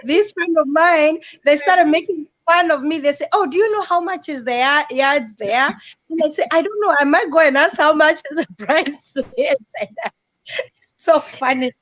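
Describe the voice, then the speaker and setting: A woman hosting a casual chat, telling a story in a halting, hesitant way with many restarts. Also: sits high, a bit bright. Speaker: host.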